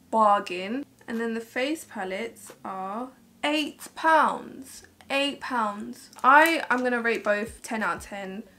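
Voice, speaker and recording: A woman's voice: on the high side, a bit bright, slight background noise. A woman beauty vlogger chatting casually to camera as she reviews makeup, gushing, with lots of "like"s. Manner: chatty and gushing, many filler "like"s.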